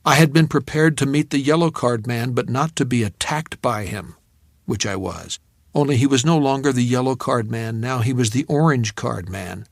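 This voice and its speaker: A man reading a novel aloud in measured, reflective first-person narration on a studio mic. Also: mid-range voice, gravelly, no echo. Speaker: audiobook narrator.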